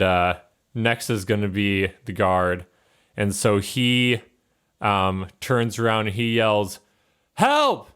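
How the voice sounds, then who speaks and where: A man's voice: fairly low pitch, fairly bright tone. A man narrating as game master in a tabletop game, loose and casual with many fillers.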